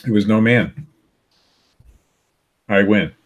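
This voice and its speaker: A man's voice: on the low side, takes it slowly, muffled recording. A man in his fifties co-hosting a podcast, bantering stubbornly and laughing often. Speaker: podcast co-host. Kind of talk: casual banter.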